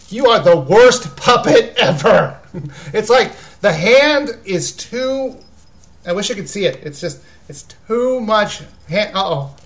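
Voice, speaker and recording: Man, host, live chat, higher pitch, rambling, casual. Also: very animated, slow, a bit bright. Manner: rambling, answering viewer questions. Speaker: video game reviewer and host.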